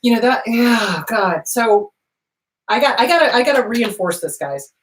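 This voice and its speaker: A woman's voice: on the high side, animated, moderate pace, low-quality recording. A woman hosting a talk show, speaking emphatically and bluntly, swearing casually and addressing her audience directly. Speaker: host.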